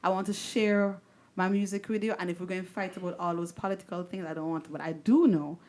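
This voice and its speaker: A woman's voice: fairly low pitch, steady tone, quick pace, darkish tone. A woman singer-songwriter as a radio interview guest, speaking earnestly and emphatically, often repeating phrases while she gathers her thoughts.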